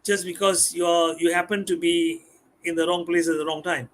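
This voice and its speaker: A man, a guest speaking on a live stream, animated and repeating words as he explains. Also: on the high side, normal speed. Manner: animated, acts out customers' voices, repeats words. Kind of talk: live-stream talk on communication skills.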